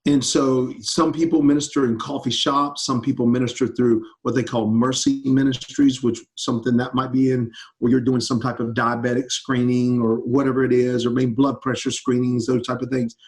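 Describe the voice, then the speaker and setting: A man's voice: medium pitch, flat delivery, normal speed, few pauses, darkish tone. A man, a campus ministry pastor answering students' questions in an enthusiastic, upbeat casual chat over a video call.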